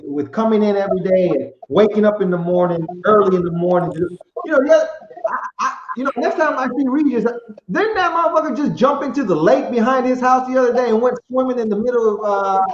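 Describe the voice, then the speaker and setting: A man's voice: sits high, a little hiss or hum. A man hosting a podcast, talking in a reflective, rambling way with many restarts, in casual chat. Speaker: podcast host. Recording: echoey, muffled live-stream audio.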